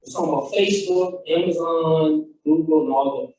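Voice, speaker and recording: Fired up guy telling his story on stage, mellow voice, big echoey hall, kinda far from the mic. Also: fairly high pitch, a little fast, slight background noise. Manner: fired up, storytelling with quoted dialogue. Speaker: founder and speaker. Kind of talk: motivational talk.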